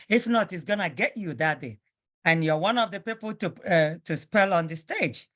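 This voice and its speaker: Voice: mid-range voice, fairly bright tone. A teacher whose first language is Igbo runs an online spelling drill over a video call. The teacher corrects students firmly and spells words out letter by letter.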